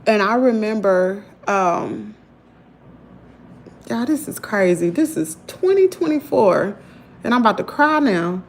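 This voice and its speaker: A middle-aged woman with a Southern US accent, telling a story to her viewers in an animated, chatty way. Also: mid-range voice, a little slow, slight background noise. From Mississippi, US. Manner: animated, talks to viewers as "y'all". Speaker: vlogger. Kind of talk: casual storytelling.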